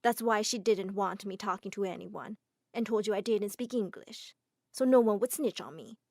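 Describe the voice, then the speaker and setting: A woman's voice: mid-range voice, moderate pace, a little mellow, no echo, studio quality, natural voice. A woman voicing a worried young makeup artist who explains herself apologetically. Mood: explaining.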